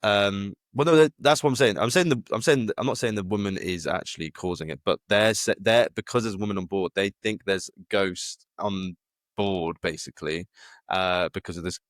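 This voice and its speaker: Man, very low voice, hesitant rambling podcast talk, dry mic. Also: moderate pace, no echo. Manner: rambling, hesitant with many fillers and restarts. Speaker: podcast co-host. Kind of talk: casual chat.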